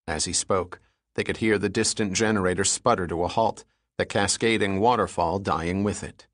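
A man narrates an action scene for an audiobook in a steady, measured way. His voice sits low and the recording is dry and close. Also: no echo.

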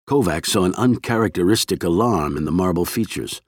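A man reading a thriller novel aloud in measured, expressive narration. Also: low voice, no room sound. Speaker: audiobook narrator. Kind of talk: scripted narration.

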